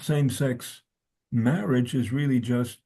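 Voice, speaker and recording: A man's voice: medium pitch, fairly even intonation, measured pace, dark tone. A man talking as a guest scholar, reading from his own essay and quoting sources, often restarting his sentences.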